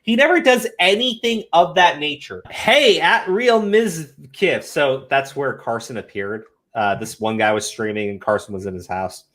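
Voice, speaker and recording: Fired-up guy ranting on a podcast, swears a ton, voice jumps all over, a bit high. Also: moderate pace, few pauses. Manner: animated, swears a lot, mocks in high whiny voices. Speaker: commentary podcast co-host. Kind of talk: heated commentary chat.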